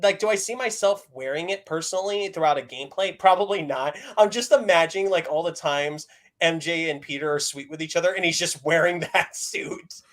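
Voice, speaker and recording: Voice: medium pitch, a little fast. A co-host in a casual video chat, playful and opinionated.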